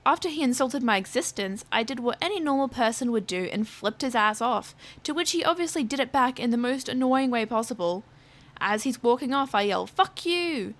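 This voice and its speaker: Young woman doing a snarky swear-y storytime vlog, voice sits a bit high. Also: a bit bright. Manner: sarcastic, profane. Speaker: vlogger. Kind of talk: storytime rant narration.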